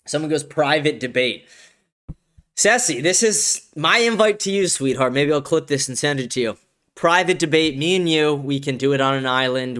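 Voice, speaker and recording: A man's voice: mid-range voice, a bit bright, clean tone. A man hosting a livestream, reading chat messages and joking crudely in a brash, casual way. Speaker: livestream host.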